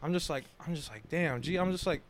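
A man's voice: fairly high pitch, fast. A man co-hosting a casual podcast, telling a story animatedly and swearing freely. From Florida, USA. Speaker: podcast co-host. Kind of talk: casual chat.

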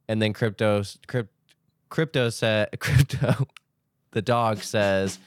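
A man's voice: on the low side, fairly even intonation, measured pace, faint music behind. A man co-hosting a podcast, chatting casually and rambling through a movie scene. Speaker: podcast co-host. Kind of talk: casual chat.

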